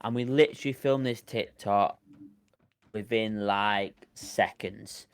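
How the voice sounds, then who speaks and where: A man's voice: lowish voice, slow pace, clear, resonant tone, no echo. A man co-hosting a podcast, chatty and a little rambling as he tells stories. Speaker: podcast co-host. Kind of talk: casual podcast chat.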